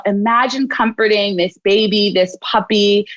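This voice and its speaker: A woman's voice: on the high side, normal speed, a bit bright. Reflective woman psychologist on dull audio. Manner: reflective, explains with acted-out self-talk, often adds "right?". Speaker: clinical psychologist guest. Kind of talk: interview, explaining.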